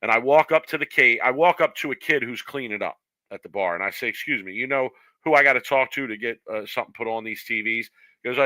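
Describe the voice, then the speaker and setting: A man's voice: medium pitch, sharp tone, dry recording, poor audio. A man co-hosting a bowling podcast, telling a long story in casual chat and acting out the voices he quotes. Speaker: podcast co-host.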